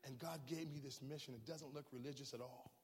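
A man preaching a sermon in a church, impassioned, swinging from quiet talk to shouting. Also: medium pitch, steady tone, brisk, breathy edge, big-room sound.

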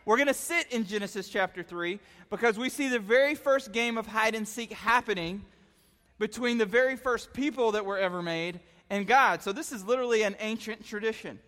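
A man preaching to young people, telling stories in a chatty, excitable way full of filler words. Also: high voice, a little fast. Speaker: youth pastor. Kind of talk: animated youth sermon storytelling. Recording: long reverb in a hall.

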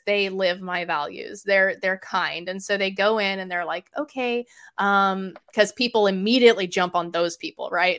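A woman chatting as a podcast guest, telling stories in an animated way with sudden jumps in loudness. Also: medium pitch. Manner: animated storyteller, quick shifts in loudness. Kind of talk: casual chat.

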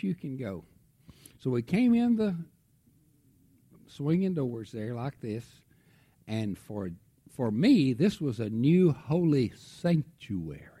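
A middle-aged man preaching, telling a family story with lively swings from loud outbursts to hushed tones. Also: medium pitch. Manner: animated storytelling, drops to a hush for tender moments. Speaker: pastor. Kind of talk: sermon storytelling.

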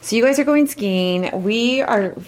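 A middle-aged woman from the Kansas City area co-hosting a casual local chat show, chatty and quick to laugh. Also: fairly high pitch, lively intonation. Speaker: co-host.

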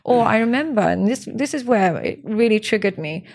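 A woman's voice: medium pitch, expressive, a little fast, darkish tone. A woman, a relationship coach speaking as a podcast guest, telling stories in an earnest, emotional way. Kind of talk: candid podcast interview.

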